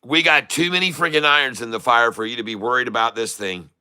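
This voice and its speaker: An older man chatting his way through a live trading stream, folksy and jokey, breaking into laughs. His voice has a bright, forward edge. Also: medium pitch, fast, smooth. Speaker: livestream host, day trader. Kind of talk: casual live-stream chat, reading comments.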